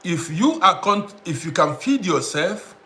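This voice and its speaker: A man's voice: high-pitched, very animated, a little slow, bright, forceful tone. A man hosting a casual live stream, greeting viewers by name and repeating himself as he talks to the audience. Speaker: livestream host.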